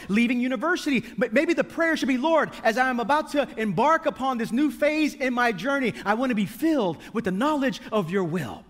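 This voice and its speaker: A man preaching a sermon with a notably high voice. He talks to the congregation conversationally, asking rhetorical questions and adding light humor. His voice rings with the long echo of a large hall. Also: a bit bright. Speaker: pastor.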